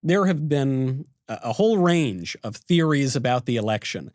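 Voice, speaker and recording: A man co-hosting a political podcast who lays out an argument step by step in an animated way. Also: medium pitch, normal speed, dry recording, studio quality. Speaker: podcast co-host. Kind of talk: casual political talk.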